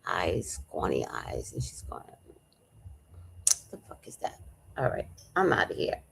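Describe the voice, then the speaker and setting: A woman hosting a livestream in casual chat, telling stories in an animated, profane way and answering viewers. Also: sits low, gravelly, slightly rough. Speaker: livestream host reading chat.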